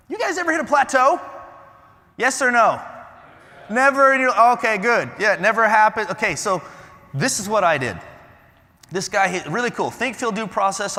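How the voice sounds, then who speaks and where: A bright, forceful male voice pitched a touch high, delivering a lively keynote on a conference stage. He fires questions at the crowd, then drops to a near hush. The sound rings with the long reverb of a large hall. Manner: animated, quizzes the crowd, swings from loud to hushed. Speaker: motivational conference speaker. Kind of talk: energetic keynote talk to a live audience.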